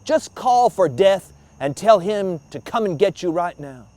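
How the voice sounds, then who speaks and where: A man's voice: sits high, expressive, measured pace, no echo. A man playing a strong, impatient dockworker who bellows. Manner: loud, bellowing.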